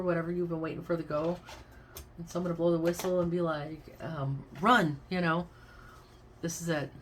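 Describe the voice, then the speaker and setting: A woman's voice: low voice, a little hiss or hum. A woman giving a casual, effusive tarot reading, chatting to her listeners as babes and y'all. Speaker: tarot card reader.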